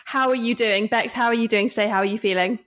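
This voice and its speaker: A woman journalist hosting a conversational podcast, friendly and quick to laugh as she asks her guests questions. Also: on the high side, fairly even intonation, a bit bright.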